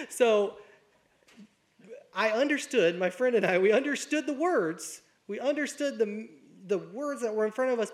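A young man preaching a conversational sermon, telling a story with a self-deprecating touch and acting out the people he quotes. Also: high-pitched.

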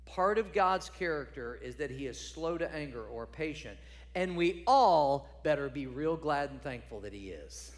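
A man's voice: on the high side, expressive, moderate pace, big-room sound. A man preaching a sermon as a pastor, conversational and emphatic, repeating phrases for stress.

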